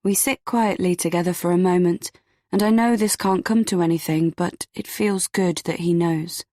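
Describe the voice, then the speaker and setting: A woman with a lowish voice tells a first-person story in a steady, even way. The sound is close and dry, with no room around it. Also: normal speed, dry recording. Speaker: audiobook narrator. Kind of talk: first-person scripted narration.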